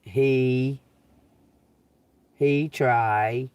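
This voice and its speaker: A man live-streaming a psychic reading from inside a car, talking slowly, spelling out letters and swearing casually. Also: mid-range voice, steady tone, darkish tone, clean tone, no echo, far from the mic.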